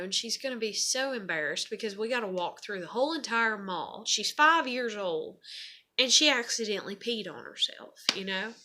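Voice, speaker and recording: Woman vlogger, bright and forceful, rambling and profane, heavy "you know" fillers, venting. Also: medium pitch. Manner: frustrated and venting. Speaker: mother telling a personal story. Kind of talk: casual storytelling vlog.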